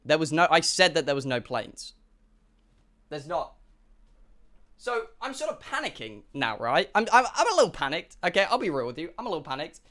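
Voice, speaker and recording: A young man telling a rambling story to his stream as a streamer, excitable and full of stammered restarts. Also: on the high side, fairly quick.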